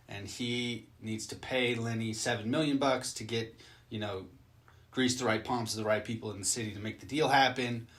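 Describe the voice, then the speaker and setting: A man's voice: medium pitch, fairly bright tone. A man recapping a movie he just watched and reacting to it in casual chat, loose and rambling, with plenty of swearing.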